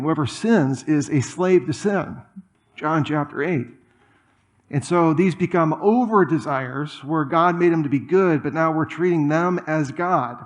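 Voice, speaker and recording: A man preaching a sermon in a church, conversational and animated, with asides and humor. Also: a little high. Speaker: pastor. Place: church auditorium.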